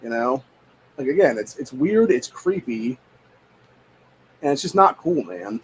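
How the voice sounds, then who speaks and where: A man's voice: mid-range voice, animated, a little slow, slight background noise. A young man at home, ranting in a casual, profane, exasperated way with lots of repetition. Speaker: podcast host. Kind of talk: casual rant.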